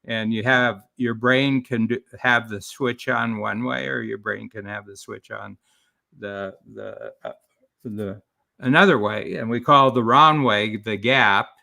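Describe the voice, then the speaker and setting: A man's voice: on the low side, steady tone, a little slow, gravelly, sharp tone. A man talking as a business coach and author in a live-streamed interview, explaining his ideas in a rambling way with many restarts.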